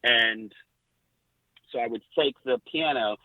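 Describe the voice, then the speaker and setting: A middle-aged man, a podcast guest, telling lively backstage stories with quoted dialogue. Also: mid-range voice, takes it slowly, dry recording. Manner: animated anecdotes with quoted dialogue. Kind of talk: casual storytelling. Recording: tinny phone-like line.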